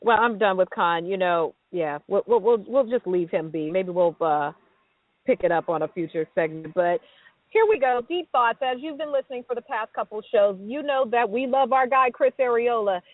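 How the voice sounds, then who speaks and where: A woman's voice: mid-range voice, normal speed, no echo. A woman co-hosting a casual radio talk show, chatty and upbeat, often laughing. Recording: dry, tinny phone-like sound.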